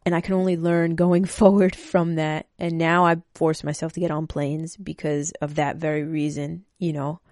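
A woman's voice: low voice, flat delivery, normal speed, few pauses, darkish tone, no room sound, studio quality. A woman speaking casually and emotionally, rambling and swearing freely as she talks to her listeners. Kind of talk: casual personal talk.

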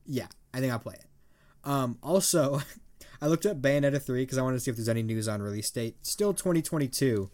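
Expressive and a little fast, a twenty-something man with a medium-pitched, darkish voice co-hosts a podcast. He tells meandering stories in a relaxed chat, laughing often and swearing casually along the way.

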